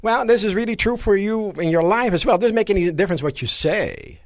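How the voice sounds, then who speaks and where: A man giving a live motivational seminar lecture to an audience in a room, animated and asking rhetorical questions. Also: high-pitched, fairly quick, no room sound, clean studio sound. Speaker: seminar speaker.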